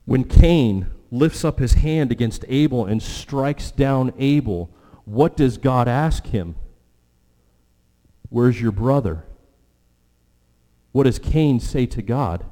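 A man preaching a sermon as pastor, earnest, with animated stretches and hushed prayerful moments. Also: lowish voice. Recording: long hall reverb.

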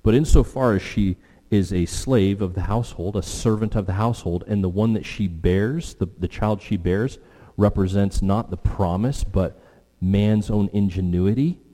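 A man delivering a sermon from the pulpit, his voice low-pitched and mellow. He speaks with emphasis, climbing sharply in pitch when quoting. A long hall reverb trails every phrase. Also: moderate pace. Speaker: pastor.

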